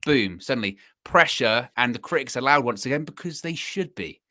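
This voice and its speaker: A man with a bright, forceful voice recorded close and dry, with no room sound around him. He talks in a reflective way during a casual fan chat and is quick to laugh along. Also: medium pitch, expressive, no echo. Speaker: co-host of a fan channel.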